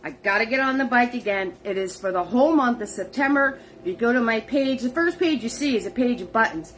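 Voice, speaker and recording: A woman's voice: a little high, a bit bright, slight background noise. A woman hosting a live-streamed painting class, chatty and bubbly, greeting viewers by name. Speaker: paint party host.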